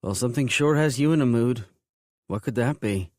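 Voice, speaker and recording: A man voices a pushy, teasing woman with a sly manner, pitching above his own natural voice, which is mid-range with a darkish tone. He speaks at a moderate pace, and the studio recording is clean and echo-free.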